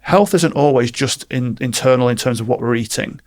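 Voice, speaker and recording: A man's voice: mid-range voice, fairly quick. A man, a performance coach, telling stories with energy in a casual podcast interview and acting out quotes. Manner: animated storytelling, acts out quotes.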